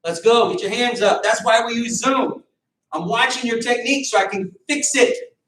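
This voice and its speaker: Counts and commands come from a martial arts instructor coaching a beginner boxing class over video call. His pitch is extremely high, his pace moderate and his tone a bit bright. Slight background noise mixes with the echo of the room and the distant mic.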